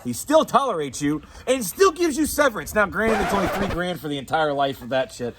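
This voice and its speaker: A man's voice: high voice, sing-song, a little fast, background noise. A man with a Southern US accent co-hosting a casual movie chat, rambling and profane, laughing often. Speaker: co-host.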